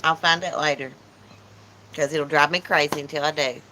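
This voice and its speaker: A woman's voice: deep voice, steady tone, normal speed, sharp tone, a little hiss or hum, low-quality recording. Chatty woman on a porch. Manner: chatty, teasing, reads chat aloud. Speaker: channel host. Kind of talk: casual livestream chat. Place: porch outdoors.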